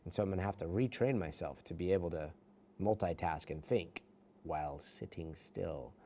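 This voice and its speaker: Middle-aged news anchor guy chatting w viewers in the studio, lowish voice, joking about himself. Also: moderate pace, mellow. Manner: chatty, self-deprecating, reads viewer comments aloud. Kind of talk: casual livestream chat.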